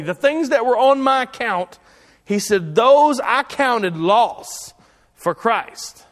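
A man's voice: high-pitched, a bit bright, long reverb tail. A man preaching a sermon as pastor, in a folksy, conversational way with frequent restarts.

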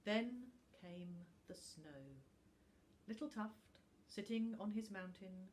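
Slow, expressive woman reading a children's story, faint hiss behind. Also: medium pitch.

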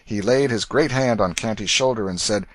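A man reading an audiobook in a measured, clear storytelling manner. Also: on the low side, no echo. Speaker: audiobook reader. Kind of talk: scripted narration.

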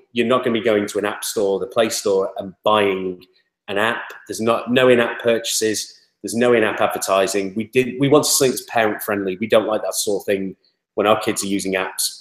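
Startup guest, low voice, chatty and rambling, echoey room. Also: male voice, fairly even intonation, fairly quick. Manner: chatty, rambling, many fillers. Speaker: interview guest, toy startup spokesman. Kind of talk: casual interview talk.

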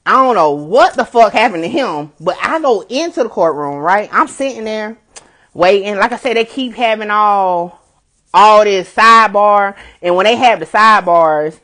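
A woman blogger telling a story in a casual, animated way, swearing freely and repeating phrases for emphasis. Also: medium pitch, normal speed.

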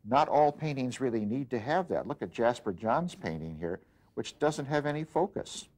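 A man teaching an art lesson, explaining design principles in an unhurried way as he works, with frequent pauses and restarts. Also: medium pitch, animated, darkish tone. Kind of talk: demonstration lesson.

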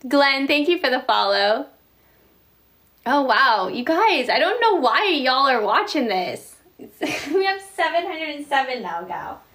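Chatty high-voiced woman livestreaming. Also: sing-song, unhurried, a bit bright. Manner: chatty, reads viewer comments aloud, laughs often. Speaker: livestream host. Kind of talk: casual livestream chat, reading comments. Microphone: phone.

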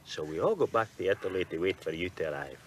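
An actor playing a teasing, mocking older relative in a television drama. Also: male voice, sits low, very animated, fast talker, a little hiss or hum.

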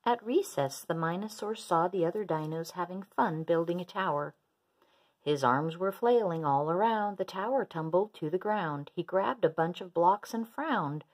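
A woman reading a children's rhyming picture book aloud in an expressive, sing-song way. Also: lowish voice, moderate pace. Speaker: storyteller.

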